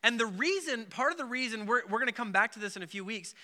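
A man preaching in a relaxed, conversational way, his voice high and very bright. He scatters filler words through his talk and slips into the voices of the people in the story. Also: fast talker. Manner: conversational, many filler likes, acts out biblical voices. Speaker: pastor. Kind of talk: casual sermon.

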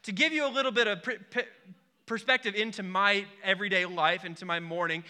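A young adult man preaching a sermon, opening with an animated, self-deprecating story. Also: high voice, fairly quick. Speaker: pastor.

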